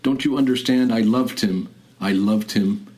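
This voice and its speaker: A man reading the part of a grieving young woman who pleads in a soft, murmuring voice. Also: lowish voice, measured pace, close to an everyday voice. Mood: heartbroken.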